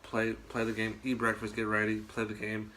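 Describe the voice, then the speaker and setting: A man chatting casually on a podcast, telling rambling, animated stories and swearing often. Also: fairly low pitch, normal speed, a little hiss or hum. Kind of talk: casual chat.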